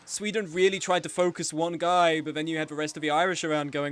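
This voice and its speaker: Young male esports commentator, slightly high voice, chatty and playful live play-by-play. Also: fast talker, hardly any pauses, a bit bright. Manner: chatty and joking, with frequent laughs. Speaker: game tournament commentator and streamer.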